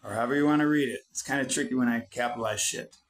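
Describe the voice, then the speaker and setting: A man's voice: mid-range voice, rapid-fire, poor audio. Blunt, foul-mouthed preachy man. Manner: swears constantly, preachy and blunt. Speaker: channel host. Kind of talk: profane motivational monologue.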